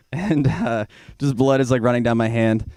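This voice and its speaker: A young comic does a set at a small comedy bar, spinning a meandering story at his own expense and sometimes erupting into shrill, loud yelling. His smooth voice moves a little slowly, and the recording is dry with clean studio sound.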